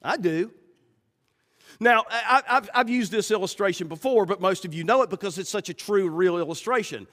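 A man's voice: high-pitched, moderate pace, fairly bright tone. A man preaching a sermon as pastor, talking directly to his congregation and acting out the voices of people in his stories. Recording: long reverb of a hall.

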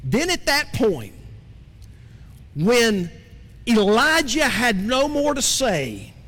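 A male pastor preaches with a high, lively voice that swings up and down as he talks. He keeps it conversational and turns to his listeners with questions. The sound carries a long reverb, as if from a large sanctuary. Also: drawn-out words. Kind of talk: sermon.

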